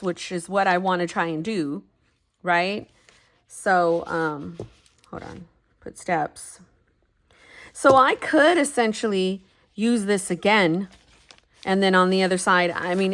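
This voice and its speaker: A woman's voice: mid-range voice, fairly bright tone. A woman in her thirties chatting casually about her planner and journaling, rambling and candid and swearing now and then. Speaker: planner vlogger.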